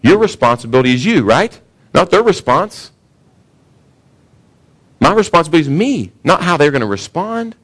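A pastor preaching a sermon in a casual, conversational way, often asking the congregation questions. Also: male voice, on the high side, very animated, moderate pace, long pauses, a bit bright. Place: church sanctuary.

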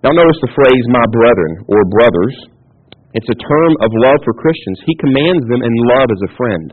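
A man's voice: mid-range voice, animated, moderate pace, breathy edge. A man preaching a sermon as pastor, emphatic, repeating key phrases and asking rhetorical questions. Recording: tinny phone-like radio broadcast.

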